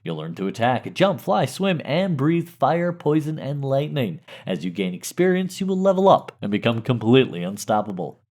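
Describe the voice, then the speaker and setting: A man putting on a hammy radio announcer voice to pitch a game, in a hyped announcer delivery. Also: very animated, normal speed, few pauses, darkish tone. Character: booming male radio announcer. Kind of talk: mock radio ad read.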